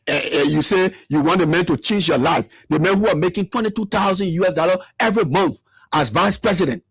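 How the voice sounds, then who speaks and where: A man's voice: high voice, a little fast, husky, no room sound. A man giving fiery political commentary, full of repetition and rhetorical questions. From Liberia.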